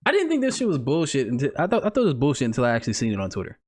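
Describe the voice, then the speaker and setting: Lively, laughing male podcast co-host. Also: mid-range voice, very fast. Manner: laughs often, swears freely, rambling asides. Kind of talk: casual banter.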